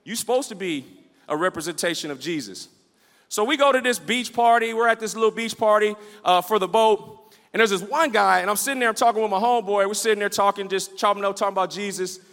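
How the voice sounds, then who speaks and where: High, bright-voiced preacher in an echoey church. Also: male voice, quick pace. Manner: animated, repetitive preaching with call-and-response; storytelling, acts out the scenes he describes. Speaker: pastor. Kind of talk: sermon. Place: church sanctuary with a livestream.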